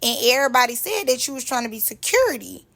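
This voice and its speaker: A woman putting on the voice of a brash, defensive woman hosting a reality show, loud and sassy. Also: a little high, sing-song, fast, full character voice. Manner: loud, sassy, talks down to others.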